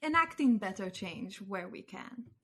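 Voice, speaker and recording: A woman's voice: medium pitch, lively intonation, a little slow, a bit bright, husky. A woman playing a tabletop role-playing game, speaking in character in a cool, cutting, sweetly menacing way. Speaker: player. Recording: faint music behind.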